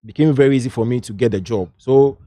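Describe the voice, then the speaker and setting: Guest, Ghanaian man, middle-aged, anecdotal and lively, dry room sound. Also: mid-range voice, fast talker, dry recording. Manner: lively anecdotal, drifts into local slang. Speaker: guest, entertainment journalist. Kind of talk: casual interview storytelling.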